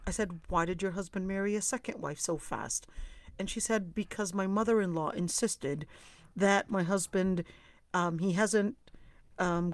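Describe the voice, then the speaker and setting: A woman teaching an online religious class, telling a story in a lively way and acting out the people in it. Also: lowish voice, dry recording. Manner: lively storyteller, acts out quoted dialogue. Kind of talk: storytelling lesson.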